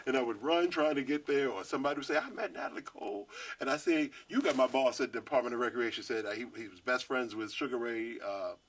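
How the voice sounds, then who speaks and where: A man in his fifties from Washington, D.C., telling stories in an interview with animated energy. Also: medium pitch, fast talker, slight background noise. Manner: lively storyteller, acts out quoted voices. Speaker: guest artist.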